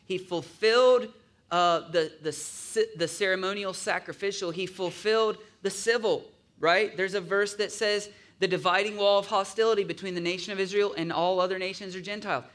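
A man's voice: sits high, steady tone, moderate pace, a bit bright. A man preaching a sermon in a conversational way, often asking his listeners to agree and acting out grumbling voices in asides. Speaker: pastor.

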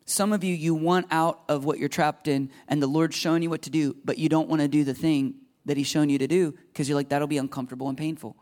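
A man's voice: fairly high pitch, steady tone, fairly quick, few pauses, a little mellow. A man in his thirties preaching a sermon as a pastor, earnest and confessional, acting out quoted prayers.

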